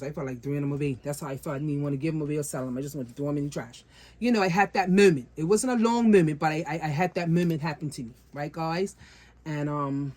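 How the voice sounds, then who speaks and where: A woman vlogger with a low, mellow voice chats casually with viewers about her doll collection. She calls them guys and repeats phrases for emphasis.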